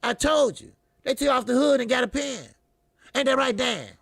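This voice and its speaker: Boxing channel guy ranting, high raspy gravelly voice, cussing and mocking, real fired up. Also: normal speed, a bit bright, dry recording, clean studio sound. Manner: profane, repetitive, mocking, fiery. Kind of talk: heated commentary monologue.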